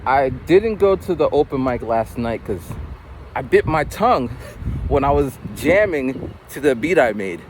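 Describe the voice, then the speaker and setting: A man's voice: mid-range voice, unhurried. Chatty man vlogging outdoors, street noise. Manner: chatty, storytelling, animated. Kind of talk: casual vlog monologue. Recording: outdoor phone recording, traffic noise. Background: traffic and street noise.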